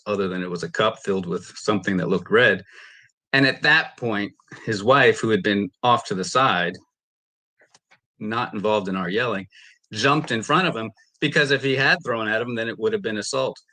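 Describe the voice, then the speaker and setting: A man giving testimony in a courtroom, with a low, forceful voice. He tells his side emphatically and acts out the lines that were said. His delivery stays intense and direct. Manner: emphatic, re-enacting quoted exchanges. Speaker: litigant in a courtroom dispute. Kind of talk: courtroom testimony, recounting events.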